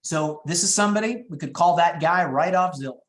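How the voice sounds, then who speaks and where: A man coaching real estate agents on phone scripts, talking fast and upbeat and acting out the calls. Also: echoey room. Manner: high-energy, quick, acts out phone calls. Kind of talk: teaching sales scripts in a webinar.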